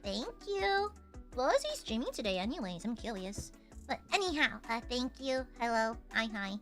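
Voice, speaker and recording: Bright, lively streamer woman with a cough. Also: a little high, fairly quick, soft background music. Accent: slight American Southern. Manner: playful, teasing, bursts into shouting. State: lingering cough. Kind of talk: casual live-stream chat.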